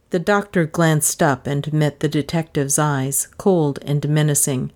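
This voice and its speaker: A woman reading a novel aloud in measured, dramatic narration. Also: sits low, fairly even intonation, darkish tone. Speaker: audiobook narrator. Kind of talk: scripted narration.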